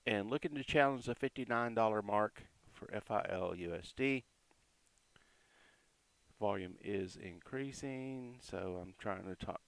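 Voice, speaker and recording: A man talks through crypto price charts in a relaxed, chatty way, reeling off support and resistance numbers between quick asides. His voice has a gravelly, fry-edged grain. The recording is dry and close, with no room sound. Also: on the low side, no room sound. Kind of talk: casual market commentary over charts.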